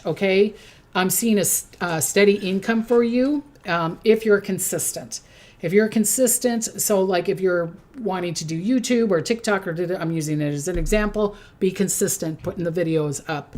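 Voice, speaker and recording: A woman's voice: lowish voice, darkish tone. A middle-aged woman giving a casual zodiac forecast, chatty and repetitive, often checking in with "okay?" and briefly mimicking people. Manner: chatty, repeats "okay?", acts out quick voices. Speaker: psychic doing zodiac forecasts. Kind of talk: casual spoken forecast to camera.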